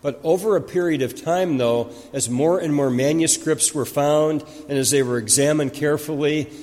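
A man's voice: a little high, moderate pace, a little mellow. Man preaching in a reverberant church. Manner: teaching, asks questions and answers them. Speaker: pastor. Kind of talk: sermon.

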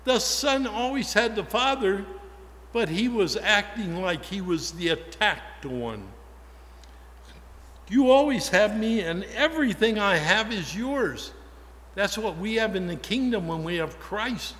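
A man's voice: high-pitched, lively intonation, a little slow, a bit bright, a little hiss or hum. A male pastor preaching a sermon in a conversational way, often putting questions to the congregation. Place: church. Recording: long church reverb.

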